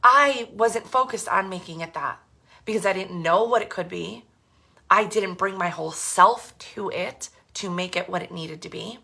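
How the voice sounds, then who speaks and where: Speaking at a normal pace with a medium-pitched voice, this woman has vocal fry, a sharp tone, and a breathy edge. She's a direct sales team leader in her thirties, recounting her own experiences to camera with earnest frankness, often using fillers and starting over.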